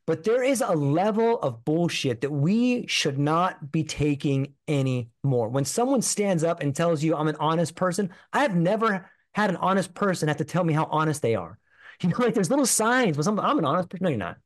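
A man's voice: a little high, very animated, moderate pace. A man as a podcast guest telling his story candidly and emphatically, with lots of "like" and restarts.

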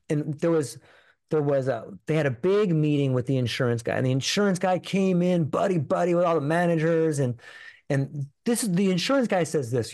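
A man's voice: fairly high pitch, darkish tone. A man as a podcast guest telling his story candidly and emphatically, with lots of "like" and restarts.

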